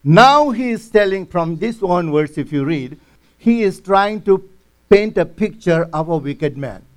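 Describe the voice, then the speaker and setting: A man's voice: high voice, lively intonation, measured pace. A man teaching a verse-by-verse Bible study, earnestly explaining each passage in plain words.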